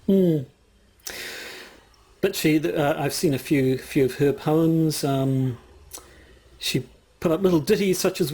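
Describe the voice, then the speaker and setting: A male podcast co-host speaks in a slightly high voice with a dark tone, moving at a slow pace and pausing often. His casual chat wanders and hesitates, packed with fillers and restarts.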